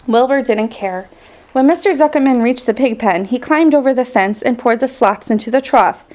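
A woman reading a children's storybook aloud in a gentle, expressive way, with small slips and restarts. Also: a little high, normal speed. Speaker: storybook reader.

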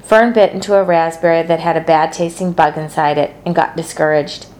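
A woman narrates a children's novel aloud. Her delivery is steady and gentle, and her voice sits a little low for a woman. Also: a little fast. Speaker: storybook narrator.

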